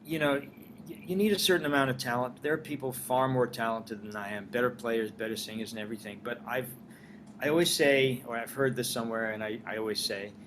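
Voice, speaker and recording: A man's voice: medium pitch, fairly quick, a little hiss or hum. An older man, a writer-director and former singer, telling his career stories in a casual interview, acting out the dialogue he quotes. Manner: animated storyteller, acts out dialogue in quotes. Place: Los Angeles.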